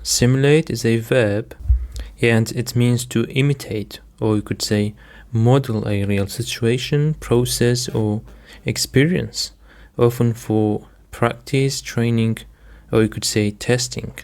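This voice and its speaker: A man's voice: medium pitch, fairly even intonation, slow pace, a little mellow. A man teaching English vocabulary in a patient lesson, repeating each word and its stress and often addressing his "dear listeners.". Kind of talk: slow, deliberate vocabulary lesson.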